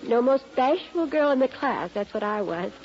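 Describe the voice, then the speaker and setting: A woman's voice: a little high, lively intonation, normal speed, a little hiss or hum. An actress playing a bashful, self-pitying woman in her forties who has been crying, in a 1940s radio drama. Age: 40s. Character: tearful bashful middle-aged wife at reunion. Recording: dull old radio recording with music and crowd.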